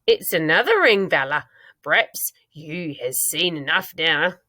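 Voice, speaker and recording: A woman's voice: sits low, animated, unhurried, dry recording, voice pushed down, heavily acted. Brief: woman reads a big friendly giant, mild and mixed-up grammar, dry close sound. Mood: gentle. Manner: mangled grammar, gentle. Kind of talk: reading a children's book aloud.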